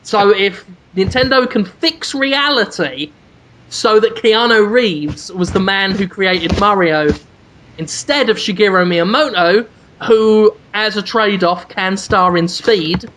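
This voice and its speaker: Deadpan man ranting in mock seriousness. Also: high-pitched, slow pace. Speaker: podcast co-host. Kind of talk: casual comedic chat.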